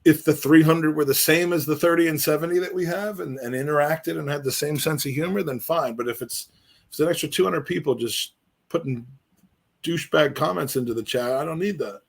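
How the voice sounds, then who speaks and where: A man's voice: a little high, fairly quick, creaky. A middle-aged man co-hosting a podcast, chatting in a rambling, earnest way and restarting his sentences often. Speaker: podcast co-host. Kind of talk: casual chat.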